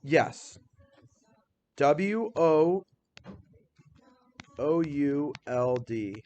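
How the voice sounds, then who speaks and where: A male teacher leading a grammar lesson in a classroom, upbeat and energetic, firing questions at the class and reading example sentences out slowly. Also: on the high side.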